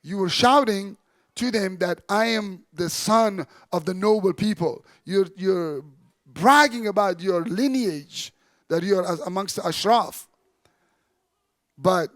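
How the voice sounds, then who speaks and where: A man lecturing as an Islamic teacher, telling a historical story in an animated way. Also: high-pitched, dry recording. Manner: animated storyteller, quotes figures in dropped voice. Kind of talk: storytelling religious talk.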